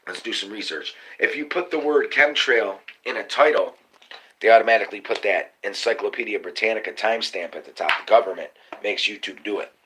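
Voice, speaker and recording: A man, hosting a live stream and ranting excitably about conspiracies, cursing often and calling to viewers as y'all. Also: lowish voice, fairly quick. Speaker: livestream host. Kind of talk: casual live-stream rant. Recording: noisy live-stream audio.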